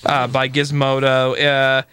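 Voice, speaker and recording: A man's voice: medium pitch, completely flat delivery, takes it slowly, bright, forceful tone, smooth, no echo. A man hosting a comedy podcast, joking loosely with his co-hosts. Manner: joking, bits of put-on broken-English voice. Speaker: podcast host. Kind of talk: casual comedy banter.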